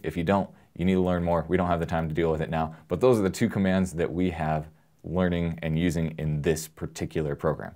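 A man presenting an electronics lesson in a relaxed, joking way, explaining with everyday analogies. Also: low-pitched. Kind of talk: casual technical lesson.

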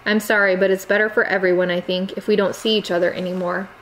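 A woman voicing a reserved young Cambodian immigrant girl who speaks quietly in halting phrasing. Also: medium pitch, little pitch movement, slight background noise, close to an everyday voice, rough recording. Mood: restrained. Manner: quiet, halting non-native phrasing, restrained.

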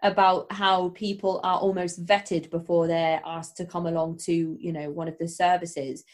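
A woman's voice: lowish voice, flat delivery, normal speed. Hesitant woman hosting. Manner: hesitant, restarting questions. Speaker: podcast host. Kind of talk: interview questions.

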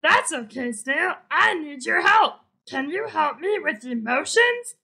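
Frog puppet: high, bright, gravelly, slow and eager, voiced by a woman. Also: sing-song, heavily acted. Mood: eager, friendly. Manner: eager, chatty, asks kids for help. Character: friendly, curious frog puppet who croaks. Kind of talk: children's puppet show.

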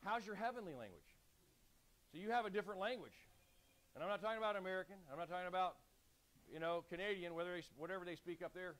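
A man preaching a sermon, urgent and exhorting, calling on the congregation to repeat lines back and clearing his throat now and then. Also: sits high, quick pace, a bit bright. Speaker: pastor.

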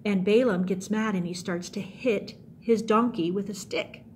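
A middle-aged woman giving an animated youth sermon, telling stories and acting them out. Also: medium pitch, moderate pace, slight background noise. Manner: animated, acts out scenes with voices. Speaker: youth pastor.

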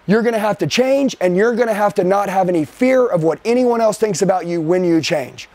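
A man leading a live sales training session for a team. He talks forcefully, keeps firing rhetorical questions at his listeners, and speeds up and slows down to drive points home. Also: high-pitched.

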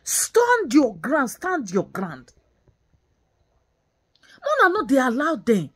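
A woman rants straight to camera, angry and bitter, scolding with the same phrases over and over. Her voice sits high and swings wildly in pitch, with a husky, breathy edge. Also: wildly swooping pitch, slow pace, pauses often, fairly bright tone. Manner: scolding, repetitive, mixes in Nigerian Pidgin. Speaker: vlogger. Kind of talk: angry ranting commentary.

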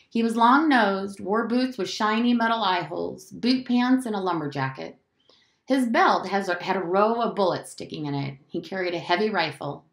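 A woman teacher reads a novel aloud with a lively, expressive lilt. Her voice sits at a middle pitch, and the room around her is echoey. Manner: expressive storytelling.

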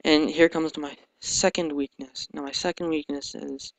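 Quiet mumbling young man, gravelly. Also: a little high, steady tone, moderate pace, no room sound. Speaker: let's play commentator. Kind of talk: casual gameplay commentary. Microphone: sensitive desk microphone. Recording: noisy home mic recording.

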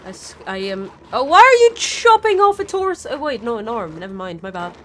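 A woman's voice: on the high side, sing-song, fairly quick, a bit bright, slight background noise. A woman streaming a video game live, swearing freely while talking to her chat and the characters on screen. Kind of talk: live gameplay commentary.

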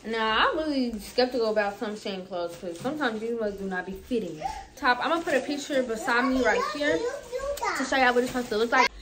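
High-voiced chatty young woman with a lisp. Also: expressive, a little fast. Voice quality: slight lisp from tongue piercing. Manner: slangy, chatty, talks straight to viewers. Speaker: vlogger. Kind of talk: casual haul vlog chat.

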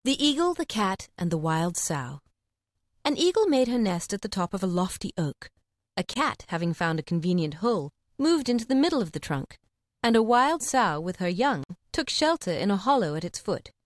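A woman narrating an audiobook of fables with clear, expressive storytelling. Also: medium pitch, normal speed, dry recording, studio quality.

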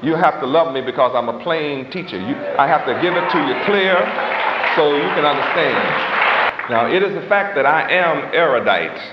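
High-voiced preacher in an echoey hall. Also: male voice, expressive, over a noisy crowd, very noisy. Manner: dramatic, swooping emphasis, slow drawn-out stresses; folksy, dropped grammar, chuckling asides. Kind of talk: sermon. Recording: echoey hall, muffled old tape.

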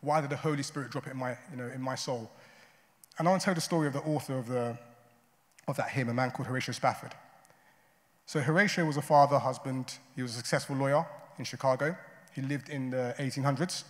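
A man's voice: mid-range voice, steady tone, fast. A man preaching a sermon as a pastor, in a conversational way, often adding "right?" and "you know". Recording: long hall reverb.

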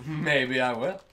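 A man's voice: medium pitch, sharp tone. A man commentating a video game with a friend, joking, laughing often and swearing freely. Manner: joking, giggly, swears a lot. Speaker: let's play host. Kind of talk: casual gameplay commentary.

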